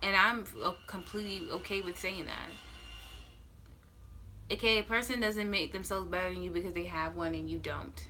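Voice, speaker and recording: A woman tarot reader speaks in a lower register with a bright, forceful tone. She talks to her viewers casually and bluntly, swearing freely. She reassures them and drags out the words she wants to land. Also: steady tone, a little hiss or hum, low-quality recording. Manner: emphatic, drawn-out stresses. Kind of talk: casual livestream talk.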